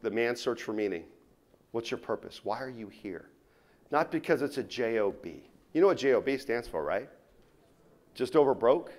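A man giving a motivational keynote to a live audience, telling stories and swinging between loud punches and quiet asides. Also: on the high side. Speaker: keynote speaker. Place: conference room before a live audience.

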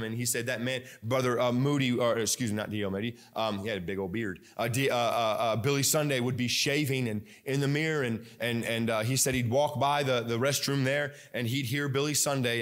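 A young male pastor preaching a sermon in a church, restarting often, with many fillers and restarts. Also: mid-range voice. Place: church sanctuary.

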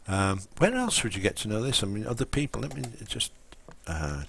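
A man's voice: lowish voice, wildly swooping pitch, a little fast, vocal fry, fairly bright tone, a little hiss or hum. A man chatting casually and rambling while he plays a game on a live stream. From England. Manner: rambling, full of ums and restarts.

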